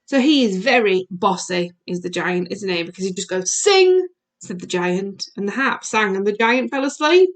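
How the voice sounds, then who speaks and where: A primary school teacher recording a video lesson for young children, asking questions in a sing-song way. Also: female voice, mid-range voice, animated, moderate pace, few pauses.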